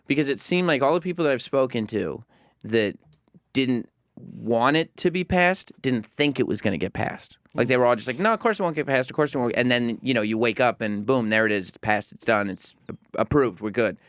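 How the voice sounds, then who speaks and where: A man's voice: mid-range voice, moderate pace, no echo. Chatty male radio host, dry close mic. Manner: chatty, asks long rambling questions. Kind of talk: casual studio interview. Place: radio studio. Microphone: studio microphone.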